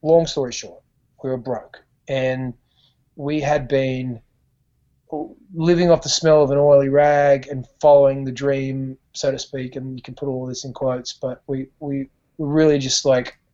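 Man, Australian accent, musician guest, rambling storyteller, mid pitch, dull lo-fi call audio. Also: flat delivery, measured pace, mellow. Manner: rambling, lots of restarts and fillers. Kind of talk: conversational storytelling.

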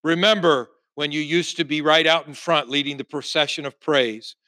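Man, pastor, sermon, fairly high voice, bright and forceful, dry close sound, scripture reading with repeated refrains. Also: steady tone, normal speed, dry recording. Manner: reads scripture aloud with rising emphasis, repeats refrains.

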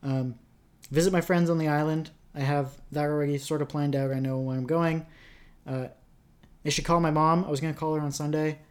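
A man's voice: on the high side, fairly even intonation, fairly quick. A young man from rural Canada, co-hosting a podcast in casual, rambling chat and laughing at himself often. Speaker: podcast co-host.

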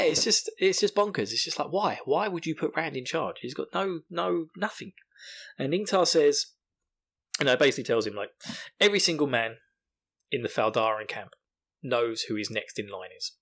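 A man recapping a book chapter in casual talk, rambling and swearing freely. His voice sits at an everyday middle pitch and breaks into laughter often. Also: a bit bright. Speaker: podcast host.

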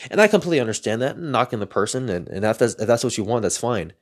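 A man's voice: medium pitch, big pitch swings, quick pace. A man hosting a solo podcast, talking in an earnest, reflective way and often repeating words as he searches for them. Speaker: podcast host.

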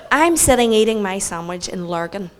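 A woman with a Northern Irish accent telling a story in a sermon, animated and self-mocking, acting out the people she quotes. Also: mid-range voice, moderate pace. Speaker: preacher.

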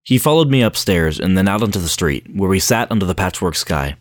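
A man's voice: low voice, expressive, a little fast, no echo, studio quality. A man narrating a first-person audiobook in a brooding, introspective way.

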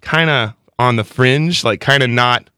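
A man's voice: medium pitch, a little slow, sharp tone, clean tone, no echo, clean studio sound. A man, a guest musician, talking in a casual interview with many halts and restarts.

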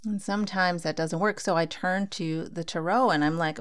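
A woman's voice: lowish voice, steady tone, normal speed, few pauses. A woman giving a casual spiritual talk, speaking conversationally and acting out her own inner dialogue.

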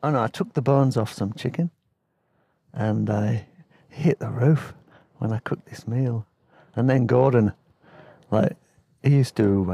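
A man rambles through a travel story in a relaxed, chatty way, full of slang and easy laughs. His voice is gravelly and mellow. It is recorded close up and dry on a podcast mic. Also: medium pitch, no echo. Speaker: podcast host telling travel stories. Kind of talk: casual storytelling.

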